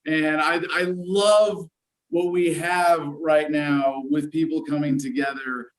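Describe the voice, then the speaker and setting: A man's voice: a little high, steady tone, takes it slowly, rough recording. A man from the United States, a guest on a live talk show, teasing and wry and speaking in long sentences. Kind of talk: casual livestream chat.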